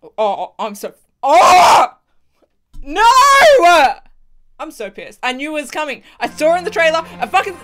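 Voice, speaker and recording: High, lively woman reacting excitedly. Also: quick pace. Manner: excitable, swears freely, laughs often. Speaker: video reactor. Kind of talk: casual reaction commentary.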